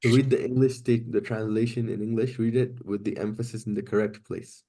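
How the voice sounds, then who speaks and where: Guy teaching quranic arabic, low voice, rattles off arabic bits fast then explains slow. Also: fairly even intonation, mellow. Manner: patient, explains step by step with restarts and fillers; recites Arabic phrases quickly between English explanations. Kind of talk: online class explanation.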